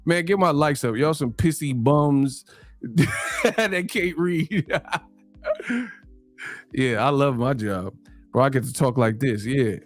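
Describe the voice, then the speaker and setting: A man's voice: medium pitch, takes it slowly, long pauses, no echo, soft background music. A man hosting a casual live stream, joking and laughing through slangy banter with his viewers. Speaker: livestream host.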